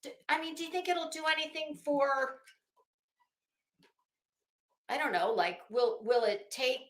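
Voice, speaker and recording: A woman hosts a fashion gossip commentary show from home, chatting casually through a rambling, profane, self-mocking story while hot and sweaty. Her voice is high-pitched and a little slow, with a roomy sound.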